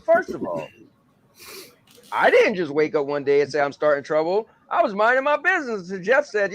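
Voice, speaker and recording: A young man chatting on a casual podcast. His voice sits high and swings widely as he tells stories. He acts out each person he quotes. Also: normal speed. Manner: animated storyteller acting out quotes. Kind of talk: casual chat.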